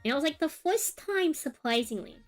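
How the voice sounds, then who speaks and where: A woman's voice: high voice, expressive, brisk, soft background music. A young woman streamer telling a long personal story in a rambling, casual way, full of fillers and asides. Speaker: art streamer. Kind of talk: casual chat while drawing on stream.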